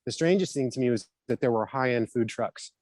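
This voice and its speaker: A middle-aged man from the Southern United States, an actor guest telling animated anecdotes in a casual interview. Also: mid-range voice, fairly quick, no echo. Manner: animated, laughing storyteller.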